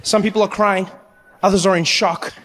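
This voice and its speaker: A man doing stand-up storytelling in a big theater, animated and jumping between voices. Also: sits high, normal speed. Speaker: stand-up comedian. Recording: live hall with long reverb.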